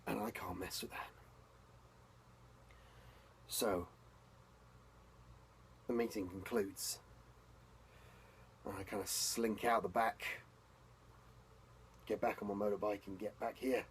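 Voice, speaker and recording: A man speaking an in-character role-play journal as a vampire, intense and profane, often dropping to a hushed whisper. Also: fairly low pitch, steady tone, takes it slowly, long pauses, a little hiss or hum, rough recording. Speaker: tabletop role-player.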